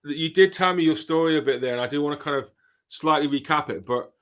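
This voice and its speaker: A man's voice: on the high side, fast talker, a bit bright. A British man hosting a casual podcast interview, chatty and storytelling, with rambling questions. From Britain. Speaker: podcast host, drummer.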